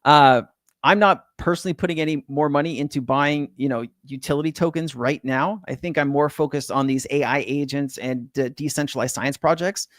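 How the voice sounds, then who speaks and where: Speaking from home in Hawaii, this middle-aged man from California runs a crypto livestream where he casually chats through viewer comments, swearing and dropping "bro" and "man" in relaxed, slang-filled talk. His pitch is fairly high, his tone fairly bright, and his pace brisk. There's no echo, and the audio is studio quality.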